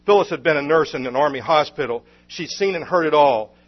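Earnest male preacher, husky voice, lo-fi sermon recording. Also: fairly high pitch, lively intonation, a little fast. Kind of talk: sermon storytelling.

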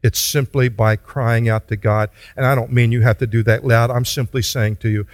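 A man's voice: mid-range voice, fairly even intonation, no room sound, clean studio sound. A man preaching a sermon as pastor, earnest and pleading, then leading the congregation in prayer. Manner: earnest, pleading, slow deliberate delivery.

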